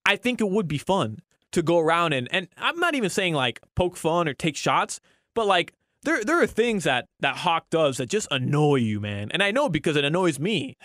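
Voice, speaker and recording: A man's voice: a little high, big pitch swings, moderate pace, fairly bright tone, dry recording. A man co-hosting and producing a sports radio show, rambling casually with many restarts and fillers on a studio mic.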